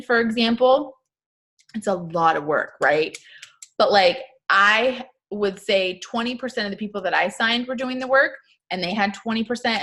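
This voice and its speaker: A woman's voice: mid-range voice, a bit bright. A young adult woman giving a casual motivational talk to her team, chatty and upbeat with lots of "like" fillers. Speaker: network marketing team leader.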